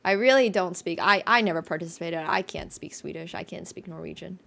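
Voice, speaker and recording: Young woman streamer, gravelly edge, loose rambling chat with fillers. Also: fairly low pitch, a little fast, a bit bright, slight background noise. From Finland. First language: Finnish. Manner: chatty, rambling, many restarts and fillers. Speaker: chess streamer.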